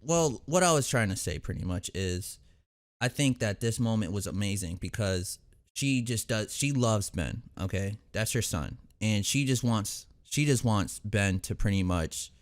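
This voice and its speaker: Rambling low-voiced man recapping an episode. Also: expressive, unhurried. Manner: rambling, with many fillers and restarts. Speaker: reaction video host.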